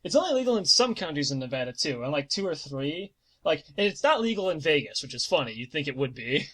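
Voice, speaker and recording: A man in his twenties telling a comedic personal story on a podcast, animated and swearing, now and then breaking into mock-dramatic singing. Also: a little high, fast talker. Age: 20s.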